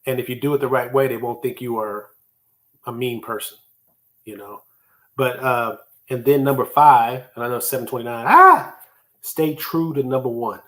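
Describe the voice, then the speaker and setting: Male host, mid-pitch, casual motivational talker who drives points home through repetition. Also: fairly even intonation, moderate pace, a bit bright. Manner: conversational, emphatic, repeats key phrases for effect. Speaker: podcast host teaching time management. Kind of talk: solo motivational teaching talk.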